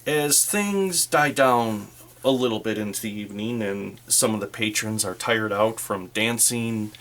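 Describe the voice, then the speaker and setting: A man narrating a solo tabletop game as game master, in a relaxed, rambling way. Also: lowish voice.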